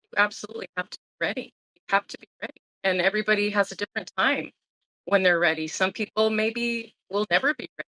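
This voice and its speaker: Bright-voiced woman in her sixties. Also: medium pitch, fast, no room sound, poor audio. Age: 60s. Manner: earnest, emotional, restarts often. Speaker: guest sharing her sobriety story. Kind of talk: candid conversational interview.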